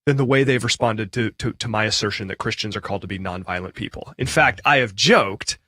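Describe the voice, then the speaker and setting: Man, pastor, podcast co-host, reflective, halting, dry sound. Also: lowish voice, pushed and bright, dry recording. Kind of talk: casual podcast discussion.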